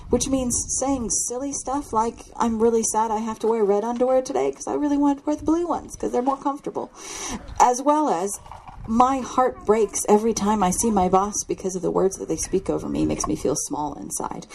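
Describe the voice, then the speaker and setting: A middle-aged woman giving a lively talk to parents, often acting out quotes in different voices. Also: a little high, a little hiss or hum, poor audio. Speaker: speaker on children's faith.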